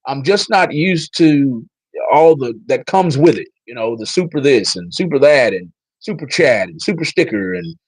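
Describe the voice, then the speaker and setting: A man's voice: medium pitch, animated, normal speed, husky, no echo, rough recording. Chatty man on a live stream. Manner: chatty storyteller, talks straight to viewers. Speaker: livestream host. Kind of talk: casual livestream chat.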